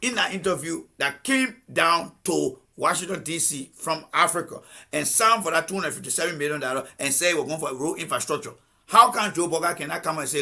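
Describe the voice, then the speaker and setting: A man's voice: a little high, animated, brisk, vocal fry, sharp tone. A Liberian man hosting a live political commentary stream, combative and repeating pointed rhetorical questions. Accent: Liberian English.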